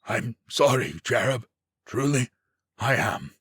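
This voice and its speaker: A man's voice: mid-range voice, very animated, slow, fairly bright tone, husky, no echo, voice pushed up, full character voice. A man voicing a drained male mage who pleads in a trembling voice, in an audiobook. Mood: remorseful.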